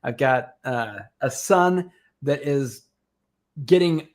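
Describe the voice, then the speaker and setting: A middle-aged man chatting as a podcast guest, telling lively stories and laughing often. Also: mid-range voice, takes it slowly. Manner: animated storytelling, laughs often. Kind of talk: casual chat.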